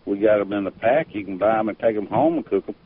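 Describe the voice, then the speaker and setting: A man, gruff and blunt, answering a phone call at his store. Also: fairly low pitch, steady tone, fast. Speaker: store owner taking a call. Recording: tinny phone line.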